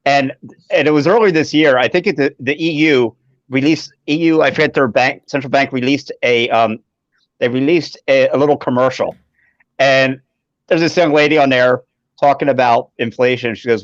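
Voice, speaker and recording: A man's voice: medium pitch, normal speed, no echo. A man co-hosting a casual podcast chat, often repeating words as he starts his sentences. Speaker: podcast co-host. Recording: dry, dull lo-fi remote mic.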